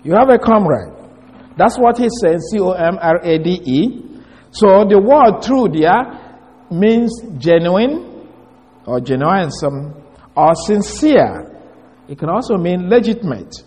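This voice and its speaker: A man giving an expository Bible teaching, reading verses slowly and spelling out Greek words letter by letter. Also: high voice, sing-song, darkish tone. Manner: slow, emphatic reading of scripture. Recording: long hall reverb.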